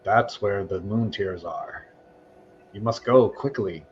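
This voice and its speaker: A man's voice: fairly low pitch, slow, muffled recording, slight background noise. A man voicing a frail, bossy old female mystic who gasps and exaggerates every word. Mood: frantic. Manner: gasping, over-dramatic exclamations.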